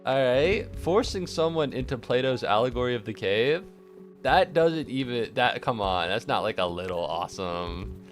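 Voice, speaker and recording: A man on a casual live stream, his voice sitting at an ordinary middle pitch. He rants with mock fury and plenty of swearing, then slips into low, deadpan remarks, worn out and stressed. Faint music plays softly behind him. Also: moderate pace. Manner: sarcastic, swears a lot, mock-angry rants then quiet deadpan asides. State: tired, stressed.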